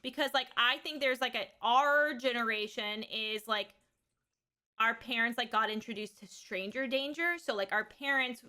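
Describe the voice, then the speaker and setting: Woman in her thirties, streamer; bright, fairly high voice, frank rambling chat with casual swearing. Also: normal speed. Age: 30s. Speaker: streamer and mother.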